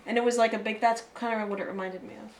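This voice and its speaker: A woman co-hosting a film review show in casual, rambling, excitable chat. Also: a little high, quick pace.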